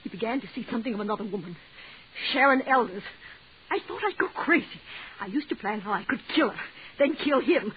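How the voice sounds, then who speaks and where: An actress playing a jealous, desperate wife who pleads in a breathless, overwrought way, in 1940s radio acting style. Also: female voice, on the high side, animated, a little fast, natural voice. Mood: confessing. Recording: tinny old radio broadcast with hiss.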